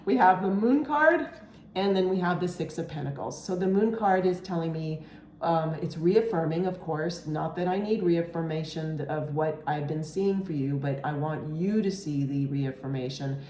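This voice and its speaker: A woman's voice: low voice, moderate pace, mellow, echoey room, a little hiss or hum. A woman giving an earnest, reassuring tarot reading, often checking in with "okay?" and getting emotional at times. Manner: emotional, near tears at moments. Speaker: tarot reader.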